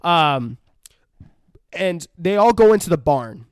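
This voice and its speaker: A man's voice: fairly high pitch, expressive, slow pace, clean tone, no room sound, studio quality. A man co-hosting a podcast, retelling a film scene by scene with lots of swearing and acted-out quotes. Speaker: podcast co-host. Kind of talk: casual film review chat.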